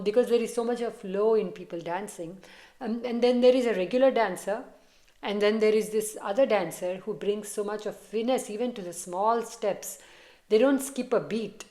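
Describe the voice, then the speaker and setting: A woman's voice: mid-range voice, mellow. A woman tarot reader talking casually and reassuringly straight to her viewers as she gives a reading. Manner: chatty, reassuring, direct address to viewers.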